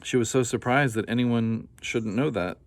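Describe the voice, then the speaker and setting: A man reading a children's picture book aloud in a gentle, unhurried way, with casual asides. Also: medium pitch, no room sound.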